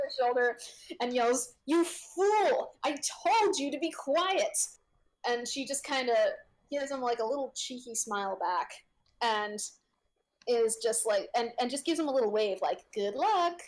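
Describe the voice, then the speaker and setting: A woman running a tabletop game as game master, her voice sitting a little high. She narrates the scene haltingly, with plenty of fillers, and laughs often.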